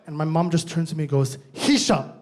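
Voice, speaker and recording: A man performing a stand-up comedy set on stage, telling a story with quick, punchy asides. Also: fairly high pitch, level tone, darkish tone.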